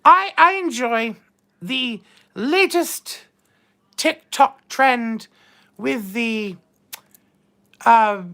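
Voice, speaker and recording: Brief: woman as a vain mature duchess, high-voiced, unhurried drawl, bawdy and grand. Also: fairly bright tone, exaggerated voice. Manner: drawling, calls everyone darling, bawdy innuendo. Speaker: live-stream host in character. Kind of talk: live chat read-out in character.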